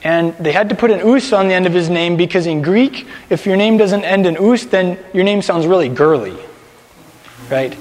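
A man's voice: high-pitched, brisk, a little mellow, big-room sound. A man teaching a congregation in a chatty sermon, often repeating words and having listeners repeat after him. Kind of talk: conversational sermon.

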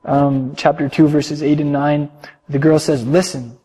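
A man preaching to a congregation, telling a long story in a measured, soft-spoken way that trails off quietly at the ends of phrases. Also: on the high side, completely flat delivery, breathy edge, long reverb tail. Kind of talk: sermon storytelling.

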